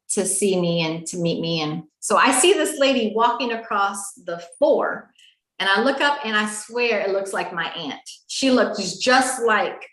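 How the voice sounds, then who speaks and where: A woman telling an emotional personal story, acting out the dialogue as she goes. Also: mid-range voice. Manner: animated, acts out quoted dialogue. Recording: roomy echo.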